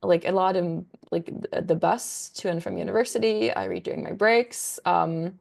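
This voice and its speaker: A woman's voice: fairly low pitch, steady tone, normal speed, vocal fry, darkish tone. A young woman, a book content creator, chatting as a guest in a casual interview, rambling enthusiastically with lots of fillers.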